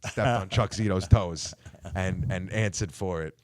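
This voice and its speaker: A man's voice: sits low, a little slow, a little hiss or hum. A man hosting a casual interview, enthusiastic and stumbling over restarts. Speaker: podcast host. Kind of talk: casual chat.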